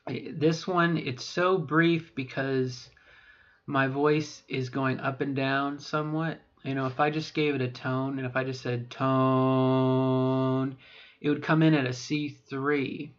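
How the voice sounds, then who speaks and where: A middle-aged trans woman records a voice training vlog in her natural bass voice, steady in tone and a little slow. Her self-talk wanders and hesitates, with frequent self-corrections, and the audio is dull and lo-fi.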